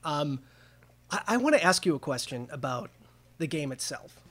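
A man with a higher voice co-hosting a casual podcast. He talks in an easygoing, modest way and often pauses on an um. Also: sing-song, a bit bright. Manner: easygoing, modest, with frequent ums. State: winded after exercise. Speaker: podcast co-host.

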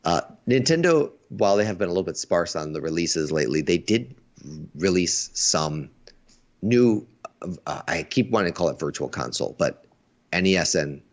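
Very deep-voiced man on a stream. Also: very animated, moderate pace. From United States. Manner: enthusiastic, restarts words often. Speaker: stream co-host. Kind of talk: casual chat. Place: Asia. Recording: dull lo-fi sound.

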